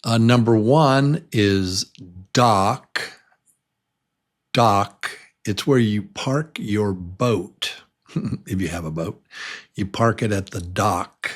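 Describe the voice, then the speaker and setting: A middle-aged man teaching a beginner pronunciation lesson, modeling vowel sounds slowly and cheering when learners get the answer. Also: fairly low pitch. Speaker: English teacher.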